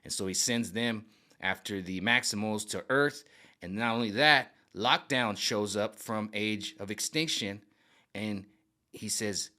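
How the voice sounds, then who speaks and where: A man casually pitching his own version of a film's story. He rambles, searches for words with many fillers, and keeps checking in with "right?" and "okay?". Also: unhurried, bright, forceful tone. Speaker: fan video creator. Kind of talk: casual pitch of a film rewrite.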